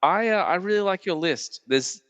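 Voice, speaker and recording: A man's voice: high voice, animated, normal speed, fairly bright tone, dry recording, big-room sound. A man hosting a film podcast, chatting casually with many "like" fillers and easy laughs. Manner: rambling, lots of "like" fillers, laughs often. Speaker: podcast host. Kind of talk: casual chat.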